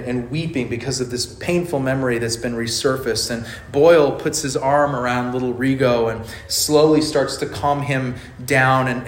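A pastor with a medium-pitched voice preaches a sermon in a reverberant space. He tells a story and poses rhetorical questions to the congregation.

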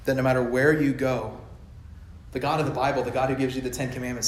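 A man preaching an emphatic sermon to his congregation, building to loud fervor. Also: medium pitch, flat delivery, fast, slight background noise. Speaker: pastor. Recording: echoey church hall.

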